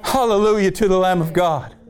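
A middle-aged man delivers a fiery sermon in a high voice for a man. He preaches with emphatic drive and sounds fired up, pressing his points hard. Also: brisk, clear, resonant tone.

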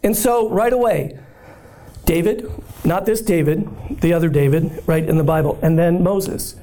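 A hoarse man giving an animated, joking sermon-style talk as a guest speaker at a church, often checking in with the room. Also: a little high, normal speed, a little hiss or hum. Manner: animated and conversational, often asking the room "right?"; bold, upbeat and joking. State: hoarse, voice nearly gone.

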